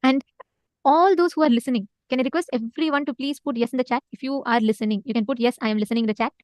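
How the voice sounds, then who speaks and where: A woman's voice: high-pitched, quick pace, a little mellow, dry recording. A woman with an Indian English accent teaching a live online spiritual session, earnestly urging listeners to respond.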